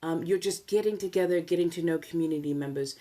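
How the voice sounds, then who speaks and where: A woman with a notably low voice, speaking in a put-on 1700s colonial American accent. She hosts an ASMR livestream in a soft-spoken, chatty way. Her delivery is teasing and playful, with frequent laughs. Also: fast talker.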